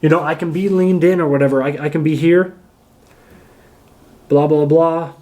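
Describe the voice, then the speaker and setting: A man coaches actors in a casual talk to camera, speaking with energy and emphasis. He punctuates his points with physical demonstrations. His voice sits a little high for a man. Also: steady tone, fast talker, darkish tone. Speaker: acting coach.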